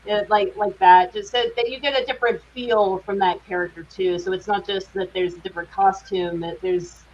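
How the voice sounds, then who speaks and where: A woman's voice: mid-range voice, fairly even intonation, fairly quick. A woman guest actress chatting in an interview, using plenty of fillers and restarts. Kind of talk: casual interview chat. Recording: dull lo-fi audio with faint hiss.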